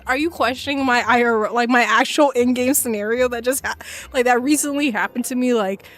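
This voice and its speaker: A woman in her twenties chats on a gaming stream, slangy and profane, breaking into laughs. Her voice sits a bit high, and soft music hums behind her. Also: fairly quick. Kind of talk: casual gaming stream chat.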